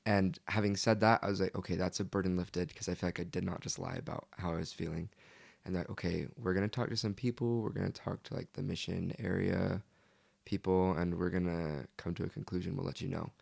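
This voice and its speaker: Young man with a gravelly, low voice. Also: fairly even intonation, a little fast, darkish tone. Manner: earnest, leans heavily on "like". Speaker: podcast guest. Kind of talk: casual interview storytelling.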